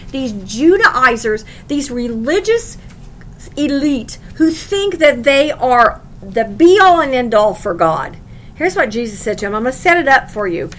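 A woman's voice: high-pitched, a bit bright, slight background noise, rough recording. A woman teaching a sermon on scripture, emphatic and conversational, asking the listeners questions. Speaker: Bible teacher.

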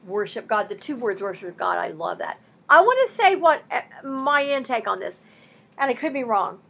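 A woman's voice: medium pitch, normal speed, vocal fry, fairly bright tone, husky. A woman teaching a sermon on scripture, impassioned and emphatic, mixing conversational asides with rising bursts. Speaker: Bible teacher.

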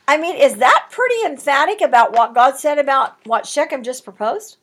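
High-voiced emphatic woman teaching scripture. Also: expressive, moderate pace, few pauses, fairly bright tone. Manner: emphatic, reads scripture aloud with commentary. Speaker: Bible study teacher. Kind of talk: Bible study lesson.

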